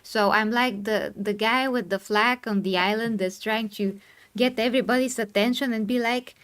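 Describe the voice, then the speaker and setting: A woman streamer in a live discussion, earnest and insistent, explaining herself and quick to apologize. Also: mid-range voice, steady tone, fairly bright tone, smooth. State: tired from talking.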